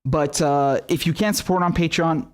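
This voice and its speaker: A man's voice: on the high side, steady tone, moderate pace, smooth. A man hosting his own independent news show, thanking his viewers in a casual, earnest way while running short on sleep. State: tired from lack of sleep. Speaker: independent journalist host. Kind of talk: casual direct-to-camera outro.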